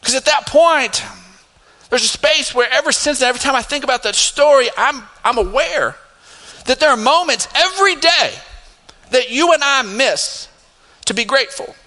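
A middle-aged man preaching as a pastor, telling a personal story with laughing asides and emphatic highs. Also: expressive, normal speed, bright, forceful tone. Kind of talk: sermon storytelling. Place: church sanctuary. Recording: long hall reverb.

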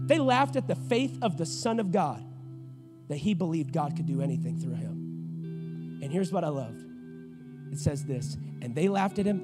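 A pastor, preaching a sermon with rising intensity and repetition. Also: male voice, high voice.

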